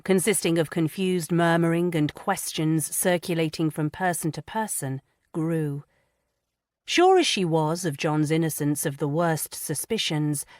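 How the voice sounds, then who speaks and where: A woman's voice: sits low, dry recording, studio quality. Composed woman narrating a mystery. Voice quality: even, composed. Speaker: audiobook narrator. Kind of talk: scripted narration.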